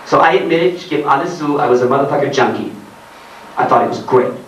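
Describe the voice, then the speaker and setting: A man's voice: mid-range voice, a little fast, fairly bright tone, a little hiss or hum. A man giving a comedic reading of his own writing to a live audience, ranting sardonically and laughing at his own jokes. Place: arts centre hall in Germany. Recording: roomy live hall, distant mic, faint ambience.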